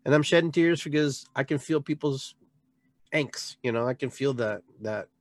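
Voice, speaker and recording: A man hosting a live show as a shaman, talking in a heartfelt, rambling way with many restarts, jumping from loud bursts down to quiet trailing words. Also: mid-range voice, normal speed, no room sound. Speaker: podcast host and shaman. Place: local area with a reservoir, addressing live viewers.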